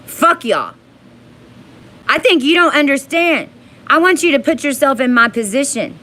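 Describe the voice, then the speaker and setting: A woman in an angry, profane monologue to her viewers, rising into yelling. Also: high-pitched, very animated, moderate pace.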